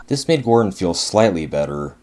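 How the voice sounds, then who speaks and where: A man narrating a storybook adaptation in an animated, expressive way. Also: deep voice, moderate pace, noisy background.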